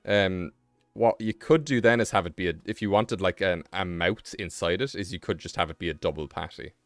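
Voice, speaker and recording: A man's voice: deep voice, brisk, clear, resonant tone, dry recording, faint music behind. A young British man streaming live, chatting casually and rambling with self-mocking asides while he draws. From Britain.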